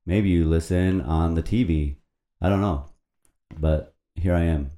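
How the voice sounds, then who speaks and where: A man's voice: low-pitched, a little slow, mellow. A man hosting a casual podcast into a microphone at a computer, reading a poem and rambling in a playful, profane way. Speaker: podcast host.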